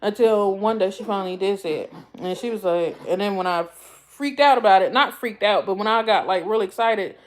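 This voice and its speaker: Young woman streamer from the East Coast, middle pitch, casual and heartfelt, rambles and repeats herself. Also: fairly quick, few pauses. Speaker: YouTube livestream host. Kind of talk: casual livestream chat.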